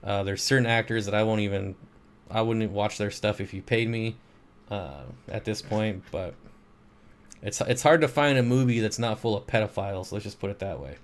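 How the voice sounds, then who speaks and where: This livestream host is short on sleep as he reads chat questions and gives laid-back, meandering answers. He speaks at a moderate pace with a fairly low voice, picked up by a streaming microphone.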